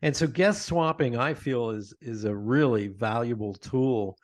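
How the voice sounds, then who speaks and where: A man chatting as an interview guest in a dry, deadened space. His pitch sits in the middle range. He tells stories with animation and laughs often. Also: unhurried, dry recording. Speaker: podcast host, guest. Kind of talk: conversational interview.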